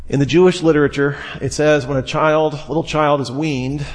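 A man's voice: on the high side, fairly even intonation, normal speed. A man teaching the Bible in a conversational sermon, with digressive asides and repeated words. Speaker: preacher.

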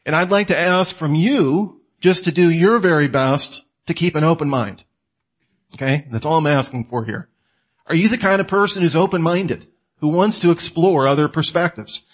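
A man lectures in a relaxed, conversational way. His voice sits a little high for a man. He keeps asking the listener questions and then answers them himself, with lively energy. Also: moderate pace, slightly rough. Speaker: apologetics teacher.

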